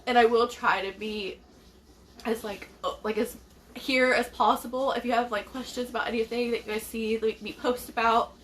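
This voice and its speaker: A woman's voice: on the high side, fairly even intonation, normal speed, fairly bright tone, slight background noise. A young woman vlogging to her followers about her pregnancy, emotional and rambling, with many restarts and laughs. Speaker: beauty vlogger. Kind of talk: casual vlog to followers.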